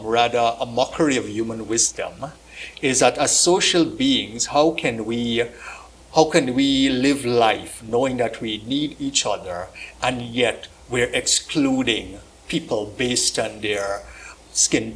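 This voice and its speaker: A man with a Guyanese accent, a religious leader on a panel, speaking slowly and asking rhetorical questions. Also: mid-range voice, slight background noise. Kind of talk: panel discussion.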